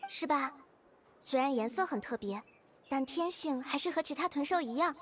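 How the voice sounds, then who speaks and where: A gentle teacher in a game. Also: female voice, high voice, normal speed. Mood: explaining. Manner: calm, explanatory. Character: gentle knowledgeable female teacher. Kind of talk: Chinese game dub.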